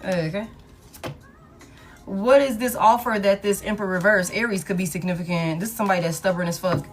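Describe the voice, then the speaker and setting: A woman at an ordinary pitch reads love tarot cards for her viewers. She talks bluntly and swears freely. She questions the cards out loud and drives her points home by repeating them. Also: a little fast, faint music behind. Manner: blunt, profane and emphatic. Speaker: tarot reader. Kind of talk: collective love tarot reading.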